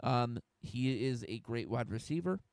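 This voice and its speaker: Young american guy on a sports stream, gravelly voice, dry close sound, rants and swears. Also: mid-range voice, expressive, unhurried, darkish tone, no room sound. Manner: fired-up, swears, rants and restarts. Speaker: host. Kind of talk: solo sports talk stream.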